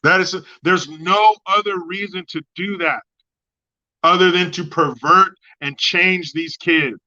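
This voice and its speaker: A man with a fairly high, bright, forceful voice rants through a livestream. He swears freely, mocks, and drops from loud outbursts to low mutters while reading chat. The sound is a bit dull and lo-fi. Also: measured pace. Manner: profane, mocking, swings between loud outbursts and low mutters. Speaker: livestream host. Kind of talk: ranting commentary, reading chat.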